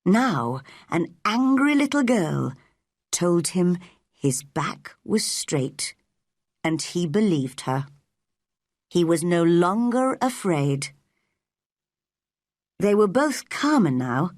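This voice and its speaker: A woman narrating a simple storybook clearly and deliberately for English learners. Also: fairly low pitch, sing-song, a little mellow, no room sound, clean studio sound.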